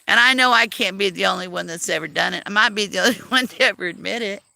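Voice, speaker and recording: A woman's voice: medium pitch, quick pace, vocal fry, bright, forceful tone, no room sound. A woman chatting casually on a livestream, self-deprecating and laughing often as she talks. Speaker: livestream host.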